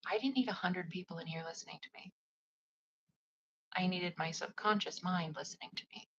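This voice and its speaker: Soft half-whispering woman, rambling livestream talk. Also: on the low side, a little fast, dull audio. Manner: soft, often half-whispered, drifting delivery; loose, rambling with many "like" fillers. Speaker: psychic medium and spiritual advisor.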